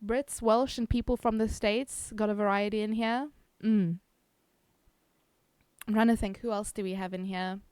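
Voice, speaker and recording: A woman's voice: medium pitch, fairly even intonation, normal speed, darkish tone, smooth, no echo. A South African woman streamer chatting casually with her viewers, giggly and self-teasing. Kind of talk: casual chat reading viewer messages.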